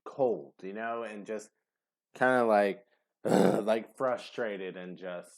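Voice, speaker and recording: A man's voice: lowish voice, takes it slowly. A man giving a casual tarot reading to camera, rambling and hesitant, with many fillers. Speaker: tarot reader.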